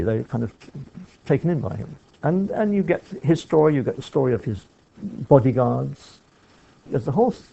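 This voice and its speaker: A man's voice: mid-range voice, creaky, warm tone, muffled recording. A man giving a reflective talk on film and writing, thinking aloud with frequent restarts and asides.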